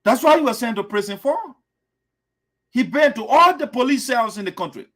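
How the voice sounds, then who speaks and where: A man's voice: very high-pitched, lively intonation, moderate pace, fairly bright tone. A man hosting political radio commentary, scornful and lecturing. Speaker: host.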